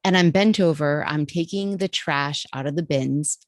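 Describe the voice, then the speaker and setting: A woman, a podcast guest, telling a personal story in a vivid, animated way. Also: deep voice, normal speed, no echo, clean studio sound. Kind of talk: storytelling in an interview.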